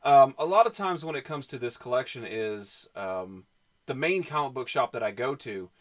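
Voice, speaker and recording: Answering viewers on a livestream, this Southern-accented man rambles casually through plenty of fillers while showing his comic collection. He sounds animated, with a mid-range voice at a moderate pace.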